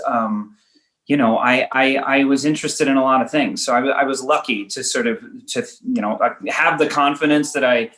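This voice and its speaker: Halting man thinking aloud. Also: mid-range voice, fairly bright tone. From Los Angeles, United States. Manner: halting, thinking aloud in self-deprecating stories. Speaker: writer-director guest. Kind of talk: conversational interview answers.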